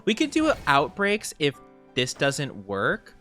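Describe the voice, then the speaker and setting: Animated young man, chatty streamer. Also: fairly high pitch, soft background music. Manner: rambling, chatty, lots of fillers and quick laughs. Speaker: VTuber streamer. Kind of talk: casual chat while playing a game.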